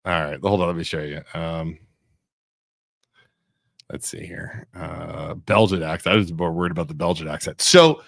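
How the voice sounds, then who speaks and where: A man co-hosting a live talk show in a studio, excitable and joking in casual banter. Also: low-pitched, gravelly, no echo. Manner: excitable, quick to laugh and joke. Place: radio studio.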